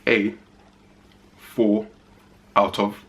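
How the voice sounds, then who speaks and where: A man's voice: fairly low pitch, flat delivery, drawn-out words, a bit bright. A man giving a casual spoken movie review, chatty and emphatic, repeating phrases for stress.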